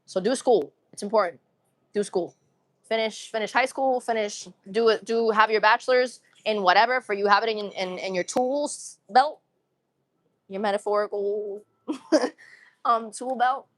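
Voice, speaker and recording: A woman's voice: mid-range voice, measured pace, a bit bright, no room sound. A young woman from Massachusetts with a New England accent and some urban slang, chatting casually and upbeat with viewers on her livestream, often repeating phrases. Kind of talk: casual live-stream chat with viewers.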